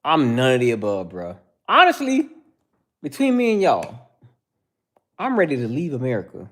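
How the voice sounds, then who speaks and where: With a mid-range, fairly bright voice and huge pitch swings at normal speed, the man hosting a livestream talks to viewers by name. He's casual yet heated and preachy, calling everyone "bro" constantly.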